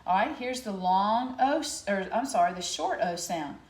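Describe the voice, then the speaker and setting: A middle-aged woman teaching young children a phonics lesson from home into a laptop camera, sounding out letters slowly and clearly. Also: medium pitch, expressive, reverberant. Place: home room.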